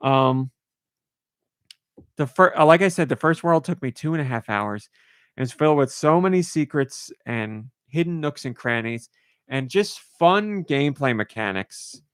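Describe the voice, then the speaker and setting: A man's voice: mid-range voice, animated, a little slow, smooth, no room sound, clean studio sound. A man hosting a podcast, chatting casually and gushing with enthusiasm. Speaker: podcast host.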